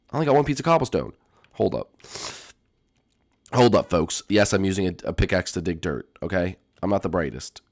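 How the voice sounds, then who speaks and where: A young man giving casual, excitable let's-play commentary to his viewers, jumping between gasps and chatter. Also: low-pitched. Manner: excitable, jumpy, talks to viewers as folks. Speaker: gaming YouTuber.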